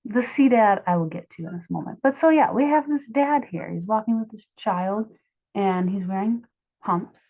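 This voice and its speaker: A woman's voice: medium pitch, moderate pace. A young woman in her twenties walks through her own drug mnemonic drawings in a chatty, offhand way, correcting herself as she goes. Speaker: student explaining drug mnemonics. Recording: tinny phone-like sound.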